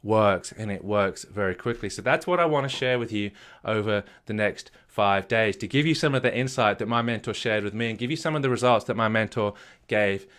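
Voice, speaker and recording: A man's voice: fairly low pitch, fairly quick, a bit bright. A middle-aged man, a marriage coach, telling his own story earnestly, repeating phrases and restarting often. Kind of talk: personal story told to an audience.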